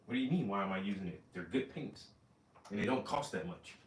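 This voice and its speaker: Male painter host, loose animated storyteller with profanity; recorded in a room with some reverb, mic at a distance. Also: lowish voice, very fast, a little hiss or hum. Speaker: oil painter hosting a livestream. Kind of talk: casual chat while painting.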